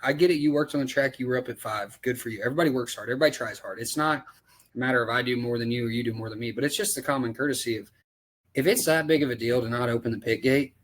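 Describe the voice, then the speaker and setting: A race car driver on a podcast, ranting about racetracks in casual, profane talk full of rhetorical questions. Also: male voice, mid-range voice, very fast. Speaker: dirt late model race driver.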